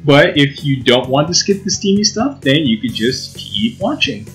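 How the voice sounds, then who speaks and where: A man's voice: on the high side, big pitch swings, normal speed, fairly bright tone, faint music behind, rough recording. Casual man reading a game aloud. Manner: casual, giggly, with restarts and asides. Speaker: let's play host reading a visual novel.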